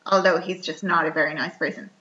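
A young woman recapping a film in casual chat, telling it lively and full of "like". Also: low-pitched, fast. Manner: chatty, lively retelling full of "like" and quoted lines. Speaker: podcast co-host. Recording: echoey room, slightly dull sound.

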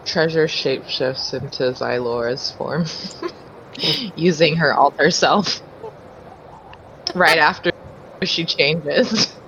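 A woman player in a casual tabletop game who talks in an expressive, giggly way. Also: sits low, slow pace, pauses often, dull audio, slight background noise.

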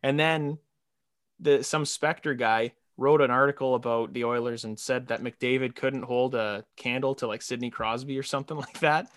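A young man co-hosting a casual sports podcast, animated, laughing often and mimicking quotes. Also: mid-range voice, normal speed, no echo, studio quality. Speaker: podcast co-host.

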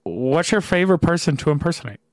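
A man's voice: fairly high pitch, lively intonation, quick pace, no room sound. Casual man hosting a podcast. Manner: casual, laughs often, swears freely. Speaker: podcast host.

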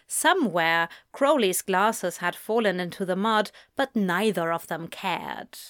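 Slow, deliberate woman narrator. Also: on the low side, expressive, a bit bright, dry recording, clean studio sound. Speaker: narrator reading fan fiction aloud. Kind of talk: unhurried audiobook narration.

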